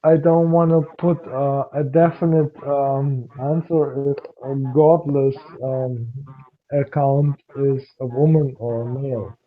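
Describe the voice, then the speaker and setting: A man's voice: medium pitch, fairly even intonation, slow pace. A man hosting a casual online call, talking hesitantly with many fillers and restarts. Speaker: host. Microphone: computer mic on a video call. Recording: dull lo-fi online call audio.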